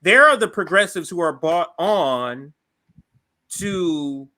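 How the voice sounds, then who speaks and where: A man co-hosting a political livestream, calmly introducing a video clip. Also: on the high side. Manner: measured, sets up clips. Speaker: co-host. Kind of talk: live-stream political commentary.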